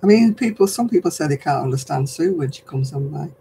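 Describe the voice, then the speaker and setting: An older woman from northern England with a softened regional accent, hosting a casual craft live stream, chatting with viewers and chuckling often. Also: low voice, animated, quick pace, a little hiss or hum, low-quality recording. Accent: softened northern English. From Oldham, England. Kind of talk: casual chat answering viewer comments.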